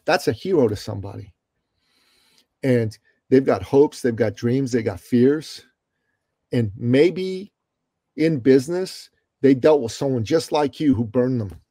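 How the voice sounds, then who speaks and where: A man telling stories as a podcast guest, emphatic and preachy, swinging between loud declarations and quiet reflection. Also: mid-range voice, unhurried, pauses often, slightly rough, dry recording. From Iran. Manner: emphatic, preachy, rises and falls in loudness. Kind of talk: impassioned interview storytelling.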